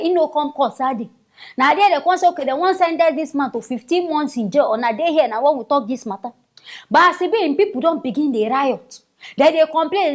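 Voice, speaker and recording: A Nigerian woman giving casual news commentary in a mocking, exclamatory, chatty way. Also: high voice.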